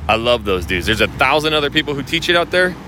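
A man's voice: medium pitch, very animated, quick pace, background noise. A man coaching real estate agents on video marketing, talking casually to camera in a blunt, profane, ranting manner.

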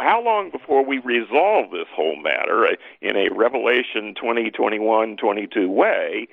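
A man giving a lively, emphatic teaching talk as a guest scholar, leaping up in pitch to stress his points. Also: vocal fry, no echo, phone-quality sound.

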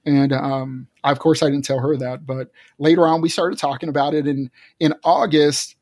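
A man's voice: a little high, flat delivery, moderate pace, darkish tone, no echo. A man earnestly telling a personal story as a guest, with frequent restarts. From Texas.

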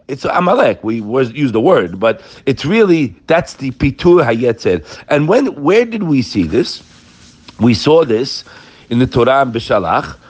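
A man giving an emphatic daily Torah talk, weaving Hebrew quotations into English and calling his listeners "guys". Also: medium pitch. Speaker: Torah teacher.

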